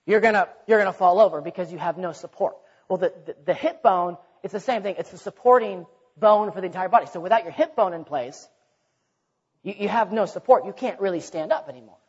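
Husky-voiced man preaching in a hall. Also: sits high, fairly quick. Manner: conversational, repeats words, acts out quotes. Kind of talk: sermon. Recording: dull recording in a reverberant hall.

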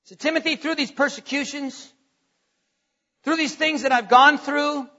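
Pastor type: very high, forceful male voice, emphatic preacher, echoing sanctuary sound. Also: measured pace. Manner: emphatic preaching with rising rhetorical questions. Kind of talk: sermon. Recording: long hall reverb, dull lo-fi sound.

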